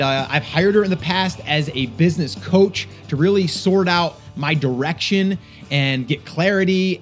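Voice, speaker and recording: Male podcast host, energetic and rambling, slightly raised pitch, faint music underneath. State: a little out of breath. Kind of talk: solo podcast intro.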